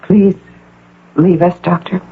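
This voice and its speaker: A woman playing an intense, possessive woman posing as a devoted mother in a 1980 radio drama, speaking softly, coaxing and insistent. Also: on the low side, steady tone, slow, slightly rough, heavily acted. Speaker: visitor claiming to be the patient's mother. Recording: narrow phone-like radio broadcast with faint hum.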